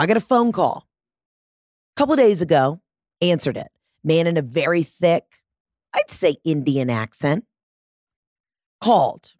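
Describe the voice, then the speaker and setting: Woman, lower voice, dry close sound, dramatic profane storyteller acting out both sides. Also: a little mellow, no room sound. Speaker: vlogger. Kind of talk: casual storytime monologue.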